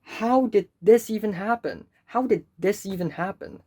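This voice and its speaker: A woman's voice: mid-range voice, measured pace, few pauses, dark tone. A young woman student ranting in a vlog, exasperated, stammering repeated words and swearing often. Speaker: student vlogger.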